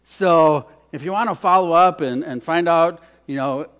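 A man's voice: on the high side, moderate pace, fairly bright tone. A man preaching a sermon as pastor, earnest and repeating key phrases, leading the congregation in spoken responses.

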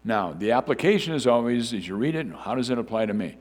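A man's voice: mid-range voice, lively intonation, fast. A man preaching a sermon in a conversational way, with frequent fillers and restarts. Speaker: pastor.

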